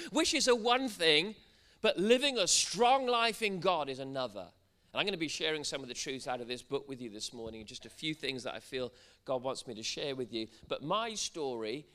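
A man's voice: fairly high pitch, fairly quick, bright, forceful tone. A man from Wales preaching a church sermon, joking with the congregation and building to fervent proclamation. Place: church service in front of a congregation.

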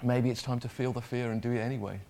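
A man's voice: medium pitch, fairly even intonation, quick pace, mellow, slight background noise. A man preaching a sermon in a conversational way, often repeating words and putting questions to the congregation.

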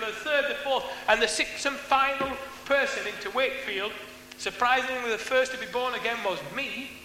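A man giving an earnest, rambling church testimony about his time in prison, speaking into a microphone he is not used to. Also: very high voice. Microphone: handheld mic, unfamiliar to him. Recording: echoey hall with faint hum.

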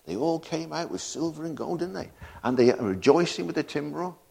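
A man's voice: a little high, animated, a little fast, creaky, mellow. A man preaching a sermon, full of rhetorical questions and laughing asides.

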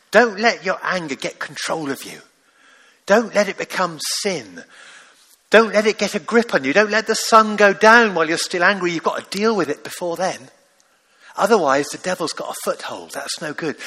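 A man's voice: high voice, bright, forceful tone. A middle-aged man preaching an emphatic sermon, exhorting his listeners and repeating phrases for weight.

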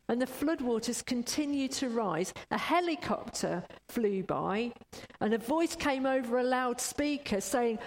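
A woman preacher giving a sermon, telling stories in an unhurried way, in a long church reverb. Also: on the high side, lively intonation. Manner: unhurried, storytelling.

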